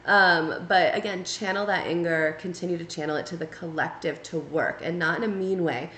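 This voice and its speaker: A woman's voice: on the low side, steady tone, normal speed, pushed and bright, slight background noise. A woman giving a casual spoken tarot reading, talking conversationally and checking in often with "right?" and "okay?". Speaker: tarot reader. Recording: echoey room.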